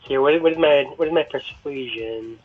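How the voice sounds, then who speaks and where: A man's voice: medium pitch, fairly quick, faint music behind. A man playing a tabletop game, talking hesitantly with many fillers. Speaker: player. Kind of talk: casual tabletop play. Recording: tinny phone-like line.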